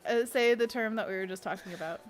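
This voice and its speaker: A woman's voice: mid-range voice, fast, a little hiss or hum. A young adult woman, a children's book illustrator, chatting casually and laughing often on her live stream.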